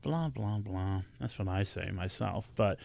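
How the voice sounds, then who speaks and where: A man's voice: fairly low pitch, measured pace, creaky, darkish tone, dry recording. A man hosting a radio interview, speaking in a casual, gushing, complimentary way with frequent fillers. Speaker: radio host. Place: radio studio.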